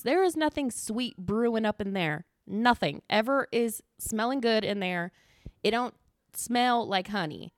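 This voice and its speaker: A woman hosting a casual solo podcast, talking fast and running short of breath, chatty and full of "like" and casual swearing. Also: medium pitch, no echo, clean studio sound. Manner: talks fast without pausing for breath, gets winded. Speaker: podcast host.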